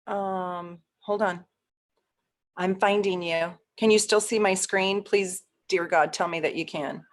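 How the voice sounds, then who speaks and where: Slow-talking chatty woman astrologer. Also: on the low side, steady tone. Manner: chatty, laughs often, easily flustered. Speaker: astrologer hosting a live stream. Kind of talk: casual live-stream chat with viewers.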